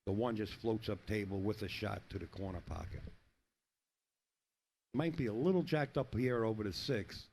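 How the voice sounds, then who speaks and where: A man's voice: fairly low pitch, normal speed, vocal fry, pauses often, darkish tone, a little hiss or hum. A middle-aged man commentating a pool match in a rambling, chatty way, telling jokes between shots. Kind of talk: casual play-by-play with joke telling.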